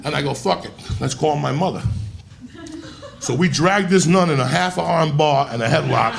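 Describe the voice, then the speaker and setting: A man telling a profane stand-up story with a New Jersey accent, bursting into shouts. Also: sits high, gravelly. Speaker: stand-up comedian.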